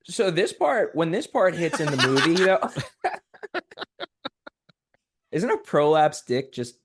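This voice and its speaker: A man's voice: fairly high pitch, wildly swooping pitch, takes it slowly, noisy background. A male comedian guest in casual podcast chat, rambling and hedging as he riffs.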